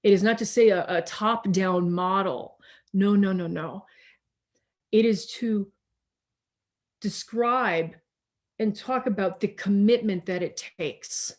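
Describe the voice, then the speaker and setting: A woman pastor giving a slow, reflective sermon over a video call, repeating words and pausing for emphasis, a little tired. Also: mid-range voice, a little mellow.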